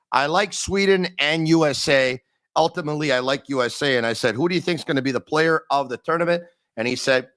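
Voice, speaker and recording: A man's voice: mid-range voice, a bit bright, no room sound. A man hosting a hockey podcast, talking energetically and emphatically and repeating phrases for effect. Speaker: podcast host. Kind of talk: hockey talk podcast monologue.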